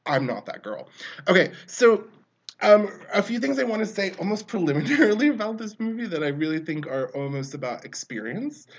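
A man's voice: high-pitched, very animated, brisk, highs cut off. Rambling man reviewing films. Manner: rambling, self-interrupting, laughs mid-sentence. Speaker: film reviewer. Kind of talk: casual film review monologue.

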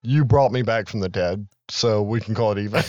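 A man's voice: medium pitch, no room sound, clean studio sound. A man in his thirties, a podcast co-host, recapping a film in casual chat and acting out its lines with laughs.

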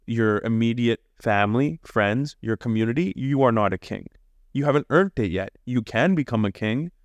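A young man from Canada speaks in a passionate, preachy podcast voice at a middle pitch. He swears freely and his voice jumps up in emphatic bursts, recorded close and dry with no room sound. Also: no room sound. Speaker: podcast co-host. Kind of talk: casual podcast chat.

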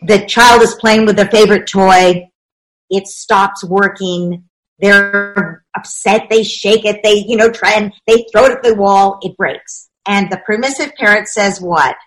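A woman's voice: medium pitch, unhurried, low-quality recording. A woman speaking as a parenting expert in a conversational interview, explaining ideas emphatically and often acting out what parents and children say.

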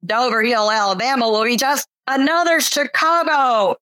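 A woman's voice: on the high side, normal speed, bright, forceful tone, no room sound, voice pushed up, poor audio. A woman reading aloud from her novel and voicing a pompous, ranting male preacher-politician who stirs up a crowd. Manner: bombastic, self-pitying, demagogic.

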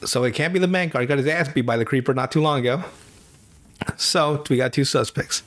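In his podcast, a man walks through a cartoon storyline with lively, foul-mouthed energy. His medium-pitched voice keeps breaking into quick character impressions and bursts of laughter.

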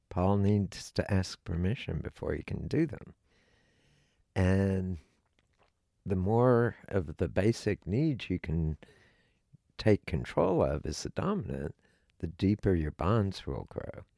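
Podcast co-host, male, deep gravelly voice, unhurried and measured. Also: big pitch swings, mellow, no echo, studio quality. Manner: slow, deliberate and instructive. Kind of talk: casual podcast chat.

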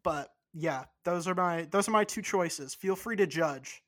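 A podcast co-host talking in a loose, rambling way and cursing casually. The voice sits at a middling pitch. It is relaxed, unscripted chat. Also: measured pace.

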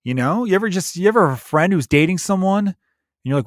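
A man hosting his own podcast, ranting in a profane, animated, conversational way. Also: high-pitched, fast talker, no room sound, studio quality. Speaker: podcast host, comedian. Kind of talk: solo podcast rant.

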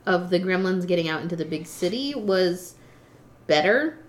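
A woman's voice: on the low side, lively intonation, moderate pace. A woman co-hosting a casual movie review podcast, rambling and hesitant, swearing casually. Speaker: podcast co-host.

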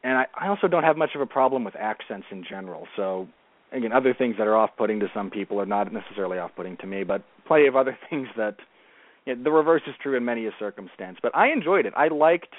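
A man guesting on a casual movie chat podcast, speaking in a measured, articulate, considered way. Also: mid-range voice, expressive. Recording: tinny phone-like dry sound.

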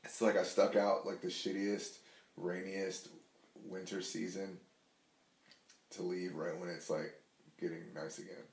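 A deep-voiced man chats as a podcast guest, rambling with plenty of swearing and filler words. His voice sits very low, and the room around him rings with echo. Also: little pitch movement, measured pace, long pauses, darkish tone. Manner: rambling, profane, says "like" a lot. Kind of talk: casual chat. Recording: echoey room.

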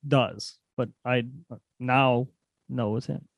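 A man chatting casually in a wry, joking, animated way. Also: medium pitch, normal speed, vocal fry, no room sound. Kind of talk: casual chat.

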